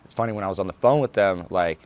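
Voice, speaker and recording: Deep-voiced guy talking quick, chill and explaining stuff, lots of "like". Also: muffled recording. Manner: relaxed, explanatory, frequent "like". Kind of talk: casual interview talk.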